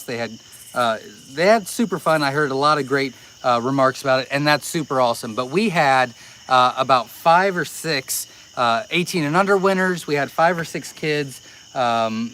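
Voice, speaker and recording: A man's voice: fairly high pitch, fairly bright tone, a little hiss or hum, rough recording. A man hosting a casual farm live stream, talking in a rambling, easily sidetracked way with lots of fillers. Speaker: farm livestream host.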